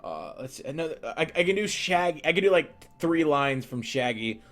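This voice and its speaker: A young artist talks loosely through a live drawing stream, tossing in "like" constantly as he answers viewers. His voice sits a touch high and swings widely in pitch. Soft music plays faintly underneath. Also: expressive, moderate pace. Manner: rambling and chatty, heavy on "like"; laid-back, answers viewer questions. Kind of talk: casual live-stream chat while drawing.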